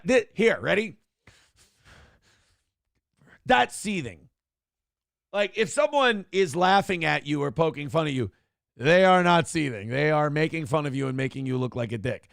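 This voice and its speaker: A man's voice: fairly high pitch, sing-song, moderate pace, gravelly, fairly bright tone, dry recording, clean studio sound. A man hosting a morning show, giving blunt, profane, ranting commentary on the news and reading out chat comments.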